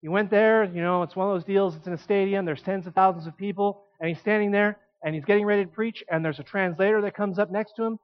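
High-voiced man preaching a lively sermon. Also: quick pace, few pauses, dull audio. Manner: animated, conversational preaching with emphatic asides.

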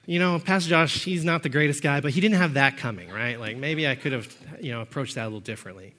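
A man preaching a sermon as pastor, emphatic and rising to shouts on key points, then dropping into quick, low-key storytelling.

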